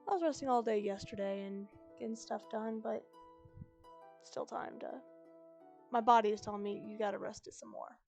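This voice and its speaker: Woman, streamer, casual chat, slightly croaky, gravelly, rambling, upbeat, faint music behind. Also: mid-range voice, normal speed, darkish tone. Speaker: streamer reading a book aloud. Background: fantasy music playing faintly.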